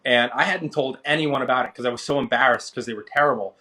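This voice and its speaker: A man in his thirties, an interview guest, telling his story in a casual, animated way and acting out what others said. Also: quick pace. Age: 30s. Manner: animated, acts out quoted people with rising pitch. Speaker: interview guest, finance creator.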